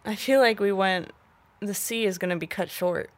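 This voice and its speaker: A woman co-hosting a podcast in casual chat, giggly and playful, with quick short reactions. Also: medium pitch. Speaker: podcast co-host.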